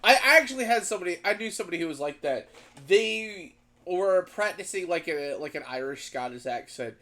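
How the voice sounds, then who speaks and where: A man in casual group chat on a voice call, talking in quick animated bursts. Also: high voice. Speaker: stream co-host.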